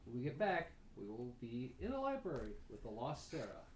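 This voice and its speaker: A man's voice: medium pitch, wildly swooping pitch, a little fast, slight background noise. A man running a tabletop game as game master, telling gory scenes with vivid detail and chuckles. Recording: echoey room.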